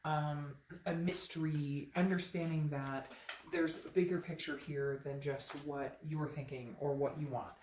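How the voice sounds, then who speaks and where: A woman with a deep, low voice talks through a tarot spread in a loose, chatty way, pressing her points straight at the viewer. Her voice rings in a roomy space, with a faint hiss of noise under it. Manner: chatty and emphatic, addressing viewers directly. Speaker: tarot reader. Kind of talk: casual tarot reading to camera.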